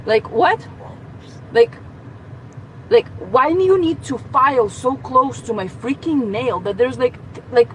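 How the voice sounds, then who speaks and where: A woman's voice: sits high, animated, measured pace, a little hiss or hum, rough recording. A woman ranting into her phone camera from inside a car, exasperated and swearing. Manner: exasperated, swearing, rising to outbursts. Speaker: nail tech venting as a customer. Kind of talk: casual rant to phone camera.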